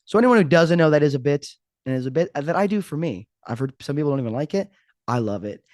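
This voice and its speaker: A man's voice: a little high, expressive, quick pace, a little mellow, no room sound. Joking, rambling male podcast host, dry sound. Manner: joking, rambling, self-mocking. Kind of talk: casual podcast intro monologue.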